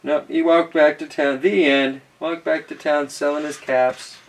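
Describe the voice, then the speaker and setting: A man's voice: a little high, steady tone, a little slow, a little hiss or hum. Playful man reading a picture book. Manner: playful, chatty, teasing asides to young listeners. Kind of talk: read-aloud storytime with joking asides. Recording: voice a bit distant from the mic.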